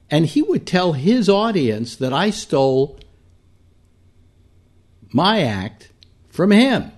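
An older man and longtime radio host, reminiscing casually about his career and quoting other people along the way. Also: mid-range voice. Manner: animated, quotes other people in brief voices.

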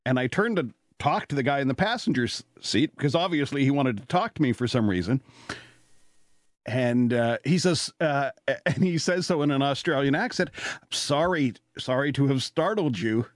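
A man's voice: medium pitch, normal speed, dry recording, studio quality. A Canadian man hosting a casual talk show, telling stories in a rambling way with lots of fillers and laughter. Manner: rambling, animated, laughs often, many fillers. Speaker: radio talk show host. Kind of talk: casual storytelling chat.

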